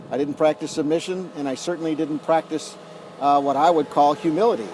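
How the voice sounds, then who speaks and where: A middle-aged man telling a lively story in a casual vlog outdoors, acting out the dialogue as a leadership coach. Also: on the high side, fast, a little hiss or hum. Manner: animated storyteller, acts out dialogue. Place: outdoors on a golf course.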